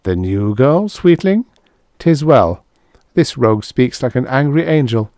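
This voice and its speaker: A man doing a witty Elizabethan gentleman. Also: mid-range voice, expressive, unhurried, no room sound, studio quality, pitched above the performer's own voice. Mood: wry. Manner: archaic, theatrical phrasing. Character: witty Elizabethan gentleman speaking in archaic phrases.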